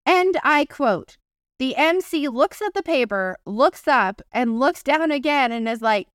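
Animated storytelling woman co-host. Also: high-pitched, a little slow, no room sound, clean studio sound. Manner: animated, swearing, quoting voices. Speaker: podcast co-host. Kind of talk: casual chat, storytelling.

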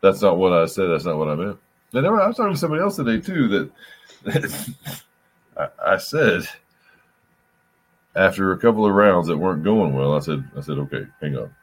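A man's voice: low voice, expressive, normal speed, pauses often, breathy edge. A man chatting casually on a podcast, rambling through a story, repeating himself and swearing. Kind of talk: casual chat.

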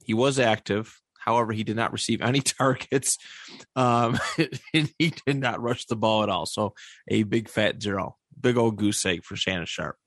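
A man hosting a casual sports podcast, reading out stats with pauses and filler words. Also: on the low side, steady tone, a bit bright, no echo, studio quality. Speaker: podcast host.

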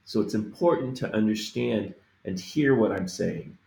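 A man teaching Spanish phrases, repeating each one slowly and carefully with every letter spoken, in a deliberate lesson manner. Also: on the low side, creaky, darkish tone, reverberant.

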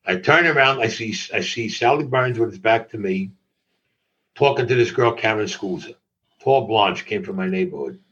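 A man's voice: lowish voice, normal speed, a bit bright. An older man, an interview guest recounting a personal story in a matter-of-fact way and acting out other people's lines. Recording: dull lo-fi audio.

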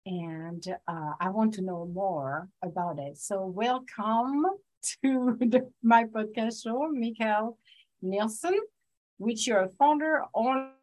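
A woman hosting a podcast, bubbly and excitable, laughing often as she introduces her guest. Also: fairly high pitch, takes it slowly. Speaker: podcast host. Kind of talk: casual interview chat.

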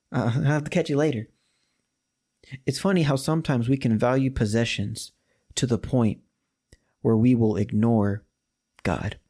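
A man's voice: medium pitch, a little mellow. A young man preaching a sermon, retelling scripture in casual, slangy everyday talk. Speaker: pastor.

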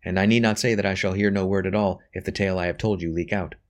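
A man voicing an earnest, guarded young male priest in a storybook reading, speaking in a measured way. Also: deep voice, fairly even intonation, lightly acted.

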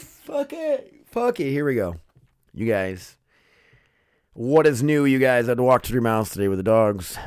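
A man's voice: fairly low pitch, darkish tone, no echo, clean studio sound. A man hosting his own podcast in loose, rambling, profane chat, sleepy and yawning, calling his listeners "you guys" and "dude.". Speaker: podcast host.

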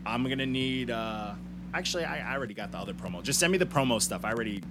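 A man's voice: medium pitch, animated, fast, noisy background. A man hosting a podcast, talking in a loose, slangy way with easy laughter and plenty of swearing. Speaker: podcast host. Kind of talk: casual chat.

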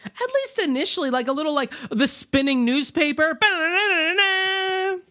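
A woman co-hosting a casual movie discussion podcast, talking in an animated, sarcastic and laughing way. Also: sits high, fairly quick. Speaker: podcast co-host.

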